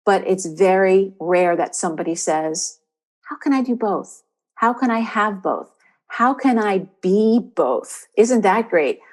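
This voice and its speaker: A woman's voice: medium pitch, lively intonation, unhurried. Woman giving spiritual coaching talk. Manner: warm encouraging, repeats questions for emphasis. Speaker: spiritual coach and podcast host. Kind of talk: inspirational podcast monologue.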